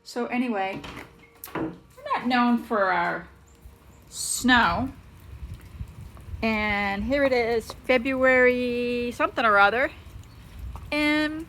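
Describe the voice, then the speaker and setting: A woman vlogging casually at home with a handheld camera, chatty and quick to laugh. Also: high voice, fairly bright tone, slight background noise. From Southern United States. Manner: chatty, laughs often, coos at pets. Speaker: vlogger, mom. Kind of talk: casual vlog chat. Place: home and snowy backyard.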